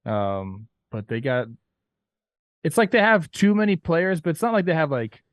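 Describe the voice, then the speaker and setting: A man's voice: fairly high pitch, very animated, normal speed, dry recording, clean studio sound. A man co-hosting a casual sports podcast, laid-back and rambling. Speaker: podcast co-host.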